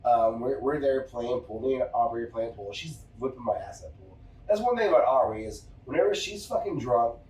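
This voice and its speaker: A podcast host with a medium-pitched voice tells a casual story at a fairly quick pace, swearing heavily and acting out the people involved. His manner is animated and profane. The recording is roomy, with a distant mic.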